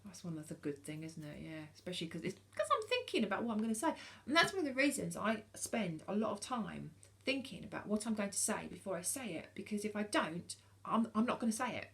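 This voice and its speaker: A woman's voice: medium pitch, big pitch swings, quick pace, creaky, hardly any pauses, fairly bright tone. A British woman in her forties talking casually to camera, frank and earnest, hesitating often with ums and restarts. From United Kingdom. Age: 40s. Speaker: vlogger.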